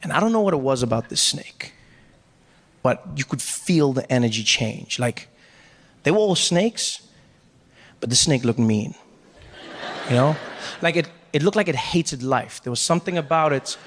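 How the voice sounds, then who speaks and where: A man doing stand-up comedy, telling a story in an animated way and slipping in voices for the people in it. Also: medium pitch, moderate pace, pauses often, long reverb tail.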